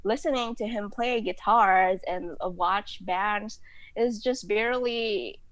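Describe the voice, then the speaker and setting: A woman, telling her story as an interview guest. She retells it with lively swings in pitch and a dramatic, animated manner, often leaning on fillers like "you know." The sound is dry and close, with no room around it. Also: slow, no echo, low-quality recording. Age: 30s. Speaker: guest photographer.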